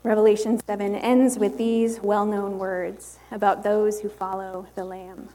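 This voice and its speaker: Slow, measured woman preaching in a hall. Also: medium pitch, little pitch movement, mellow. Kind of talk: sermon.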